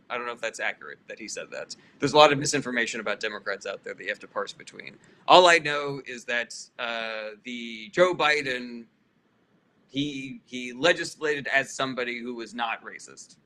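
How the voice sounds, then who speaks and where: A man with a bright, forceful voice hosts a casual livestream, reading chat questions aloud one after another. He answers bluntly and swears freely, with plenty of ums and uhs. With some chatters he turns heated and sarcastic. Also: medium pitch, slight background noise. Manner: blunt and profane, with frequent fillers.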